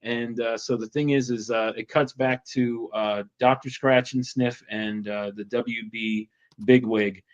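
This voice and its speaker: A man's voice: mid-range voice, steady tone, a little slow. Chatty male host, mid-range voice, loose filler-heavy recap style, muffled lo-fi audio. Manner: chatty, rambling with many fillers. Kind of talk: casual retelling.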